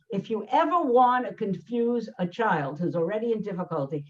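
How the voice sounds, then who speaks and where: A woman's voice: medium pitch, a little mellow. An older woman, a learning specialist hosting a conversation, explaining emphatically with many fillers and restarts. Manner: emphatic, acts out quoted voices, frequent fillers and restarts. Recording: dull lo-fi sound.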